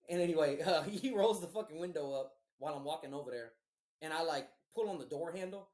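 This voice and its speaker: Male podcast host, fairly high voice, casual profane storyteller, echoey room. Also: brisk. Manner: profane, animated, rambling. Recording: roomy echo.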